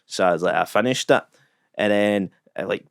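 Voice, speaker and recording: Sweary Scottish comedian telling a story. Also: male voice, on the low side, normal speed, vocal fry, clear, resonant tone, dry recording, studio quality. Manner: rambling, sweary, deadpan self-mocking. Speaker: comedian guest. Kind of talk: casual storytelling anecdote.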